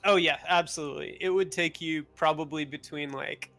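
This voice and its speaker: A man narrating as game master of a tabletop game in a relaxed, rambling way. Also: on the high side, moderate pace, creaky, soft background music. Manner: relaxed, rambling, with filler words.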